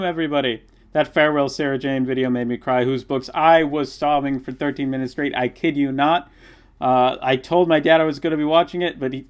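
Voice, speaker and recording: Young guy hosting a live watch-along, reads out chat, gets all excited, mid pitch. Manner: reads viewer comments aloud, excitable fan. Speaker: livestream host.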